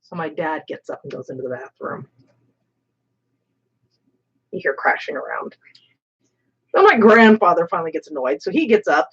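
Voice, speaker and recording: A woman hosting a stream, telling a story in a casual, animated way with some swearing. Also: low voice, normal speed, long pauses, breathy edge, highs cut off. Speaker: streamer host. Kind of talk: casual storytelling while painting.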